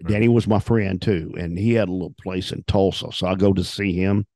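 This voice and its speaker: A man's voice: sits low, fairly even intonation, fairly quick, a little mellow, no room sound, clean studio sound. An older man, a retired wrestler telling profane stories as an interview guest, acting out the quotes. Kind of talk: storytelling in a shoot interview.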